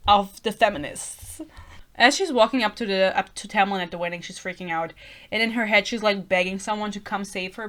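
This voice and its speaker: Young woman ranting about a book, kinda high voice, sarcastic and giggly, does little mock voices. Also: fairly bright tone. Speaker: book reviewer. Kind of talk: casual book rant.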